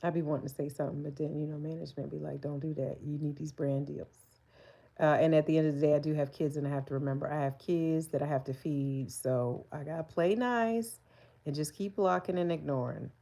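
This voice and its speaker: This woman in her forties talks fast in a low, dark-toned voice with vocal fry. On her casual live stream she is candid and chatty, laughing frequently and responding to the chat.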